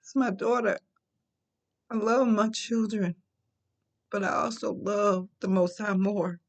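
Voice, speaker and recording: A woman speaking through tears as she gives a faith testimony. She talks slowly and earnestly, leaning on repeated phrases to drive her point home in a preachy way. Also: mid-range voice, fairly even intonation. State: tearful. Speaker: faith vlogger.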